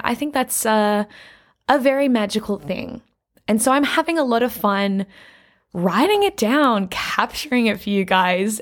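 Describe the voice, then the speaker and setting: A woman vlogging to camera from a craft room, chatting in a bubbly, gushing way with playful asides. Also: medium pitch. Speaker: vlogger and podcast host. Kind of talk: casual chat to camera. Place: her mother's craft room, indoors.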